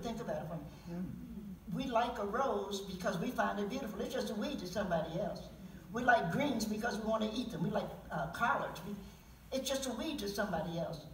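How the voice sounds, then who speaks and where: At a public event in an auditorium, a woman poet in her seventies tells stories and reads poems in a medium-pitched voice. She speaks candidly, chuckling in asides, picked up by a distant mic that sounds roomy, with a little background noise.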